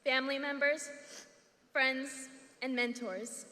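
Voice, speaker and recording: A woman's voice: high-pitched, steady tone, slow pace, bright, forceful tone. A young woman, the class salutatorian, giving her graduation speech with emotional, teary thanks. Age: young adult. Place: large hall. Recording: echoey hall.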